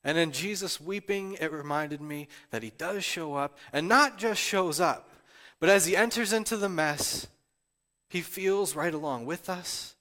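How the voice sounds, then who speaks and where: Tearful pastor preaching in a reverberant hall. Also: male voice, fairly high pitch, a little slow, bright, forceful tone. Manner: personal, emotional preaching with frequent restarts. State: tearful, near crying. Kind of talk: sermon.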